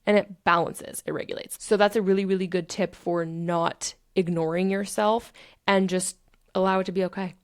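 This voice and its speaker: A woman's voice: lowish voice, steady tone, normal speed, clear, resonant tone. A young adult woman hosting a podcast, talking through self-help tips in a candid, casual way, swearing freely and acting out her inner dialogue. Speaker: podcast host.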